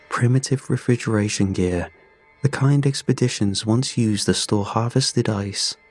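A man narrating a scripted survival story in a grave, measured way. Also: deep voice.

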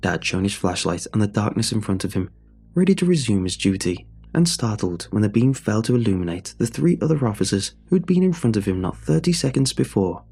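A man narrating a true horror story in a measured, suspenseful way. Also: lowish voice, sing-song, mellow, breathy edge, soft background music.

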